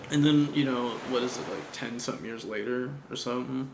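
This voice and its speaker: An anime reviewer with a gravelly, fried, medium-pitched voice talks at normal speed, loosely chatting about an anime. He's slangy and profane and laughs often, while the echoey room carries a faint hum.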